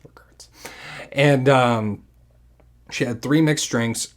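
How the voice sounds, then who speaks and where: A man's voice: mid-range voice, slow pace. A man hosting a podcast who tells a story in a rambling way and swears often. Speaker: podcast host. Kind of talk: casual storytelling chat.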